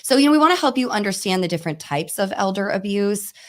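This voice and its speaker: A woman co-hosting a podcast, talking casually and deliberately, with frequent "you know" and "um". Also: mid-range voice, lively intonation. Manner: measured, deliberate, with fillers. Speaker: podcast co-host. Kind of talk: casual chat.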